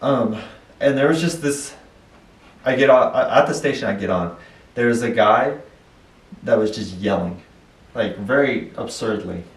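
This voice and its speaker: Young male podcast co-host, animated storyteller, roomy room, mic a bit far. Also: mid-range voice, measured pace, long pauses. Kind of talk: casual chat.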